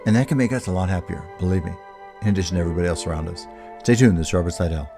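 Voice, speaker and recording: A male radio host with a low voice talks to his listeners in a loose, rambling way, often backing up to restart his sentences. Faint music sits under his voice. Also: racing. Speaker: radio talk show host. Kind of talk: casual spiritual talk to listeners.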